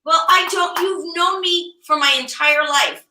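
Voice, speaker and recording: A woman hosting a casual talk show, lively and blunt, joking and swearing casually. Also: extremely high pitch, a little slow. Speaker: host. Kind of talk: casual chat. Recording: echoey room, distant mic.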